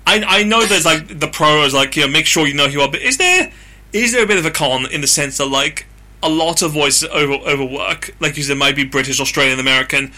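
Bright-voiced man asking rambling questions. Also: fairly high pitch, fast. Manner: rambling, hedging questions with fillers. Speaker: podcast interviewer. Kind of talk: casual interview chat.

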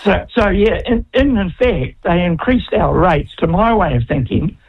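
A New man calls in to talk radio, matter-of-fact with a wry edge. His voice is notably high for a man. He comes through on a muffled, dull phone line. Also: expressive, normal speed. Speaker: caller.

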